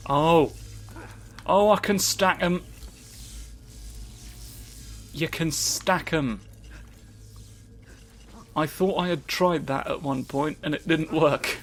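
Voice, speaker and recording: A man's voice: a little high, takes it slowly, pauses often, a bit bright, slight background noise. A man giving sardonic gameplay commentary, grumbling and swearing at the game. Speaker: let's play commentator.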